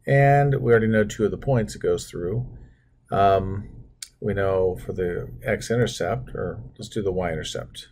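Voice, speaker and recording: A man's voice: lowish voice, a little slow, a little mellow. A man teaching math as he draws on a computer screen, talking through each step with self-deprecating asides. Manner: talks through steps while drawing, self-deprecating asides. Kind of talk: screen-recorded math lesson.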